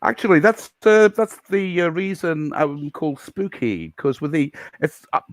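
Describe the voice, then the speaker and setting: Hesitant man with a lively voice. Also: a little high, unhurried, no echo. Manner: hesitant, full of ums. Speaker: guest. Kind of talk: casual chat.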